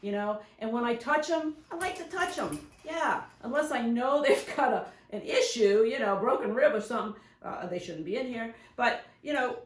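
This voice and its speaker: A woman's voice: a little high, lively intonation, moderate pace, hardly any pauses. A woman who is a professional dog groomer and shop owner, giving chatty, rambling how-to advice in a grooming salon. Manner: chatty and rambling, often acting out examples. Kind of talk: casual instructional talk to camera. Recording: echoey room.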